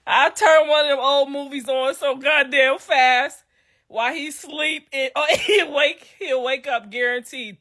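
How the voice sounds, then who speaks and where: A woman's voice: sits high, fairly even intonation, a little slow, a bit bright. A middle-aged woman talking casually to viewers on a livestream, telling profane stories and laughing through her words. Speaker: livestream host.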